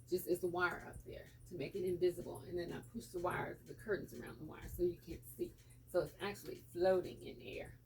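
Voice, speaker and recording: A woman's voice: on the low side, slight background noise. Chatty woman vlogging over lunch at home. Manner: chatty storyteller, animated when quoting others. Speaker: lunchtime vlog host. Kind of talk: casual eating vlog chat. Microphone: camera mic.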